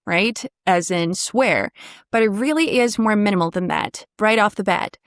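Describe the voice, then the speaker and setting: A woman's voice: medium pitch, animated, moderate pace, no room sound, studio quality. A woman coaching pronunciation one-on-one. She models sounds, sings them out and praises often.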